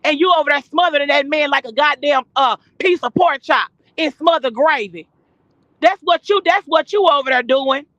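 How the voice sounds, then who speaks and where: A woman with a very high, bright, tense voice rants on a live stream, loud, cussing and confrontational, firing off words in fast bursts. She talks from inside her car over a phone. The sound is dry, muffled and lo-fi. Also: dry recording. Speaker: guest caller on a live stream. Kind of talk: heated ranting on a live stream. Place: in a car while driving.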